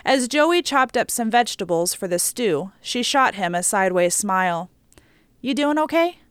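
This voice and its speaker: A woman reading a story aloud as an audiobook narrator, steady and measured, on a close mic. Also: mid-range voice, clear, resonant tone, dry recording.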